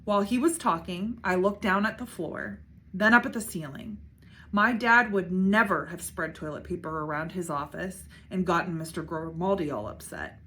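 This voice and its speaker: A woman, a school principal, reading a children's book aloud with expressive narration. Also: on the low side, normal speed. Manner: expressive, shifting voices for characters.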